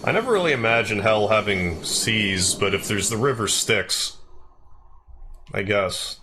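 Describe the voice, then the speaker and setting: A man's voice: fairly low pitch, expressive, measured pace, background noise. A man streaming a game, chatting casually with his viewers between rambling, filler-heavy asides. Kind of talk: casual chat while playing.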